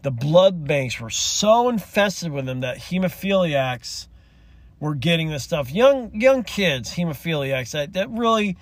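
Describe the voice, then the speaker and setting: Man, solo rant host, raw and rambling, fights back tears, slightly high voice, dry close mic. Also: very animated, a little slow, no echo. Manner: impassioned, rambling, swears, chokes up and tearful. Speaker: podcast host.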